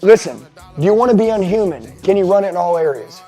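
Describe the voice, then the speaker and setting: A foul-mouthed man with a fairly high voice fires up a mastermind group in a seminar. He swings from hushed asides to loud, punchy bursts, and faint music plays underneath. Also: expressive, quick pace. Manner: profane, intense, swinging between shouting and hushed asides. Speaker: sales coach addressing a mastermind group. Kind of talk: motivational seminar talk. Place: seminar room.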